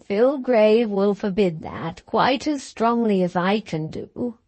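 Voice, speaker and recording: A principled country doctor answers in calm, stern, measured tones, as a woman reads him. The pace is slow and the sound is close and dry. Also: mid-range voice, no room sound. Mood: firm.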